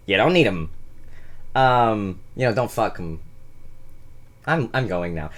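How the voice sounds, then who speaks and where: A sleep-deprived vlogger with a hoarse throat, chatting to camera from a hot room at home in a giddy, scattered, sweary ramble. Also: medium pitch, expressive, slow, pauses often. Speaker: vlogger hosting a weekly singing stream. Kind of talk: rambling casual chat to camera. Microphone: camera at close range.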